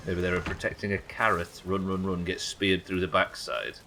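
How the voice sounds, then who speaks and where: A man's voice: low voice, flat delivery, moderate pace, sharp tone, slight background noise. A man from the UK streaming a video game live, rambling, swearing and chatting with his viewers as he plays. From United Kingdom.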